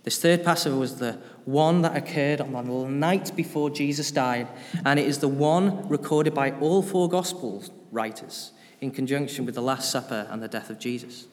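A man's voice: mid-range voice, moderate pace, darkish tone, long reverb tail. A man preaching an informal sermon in a church, chatty and often putting questions to the congregation.

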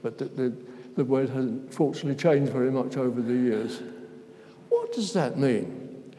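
A man's voice: medium pitch, expressive, normal speed, mellow. An older man giving an informal sermon, chatty and self-interrupting, putting questions to the congregation. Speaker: preacher. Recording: long reverb of a church hall.

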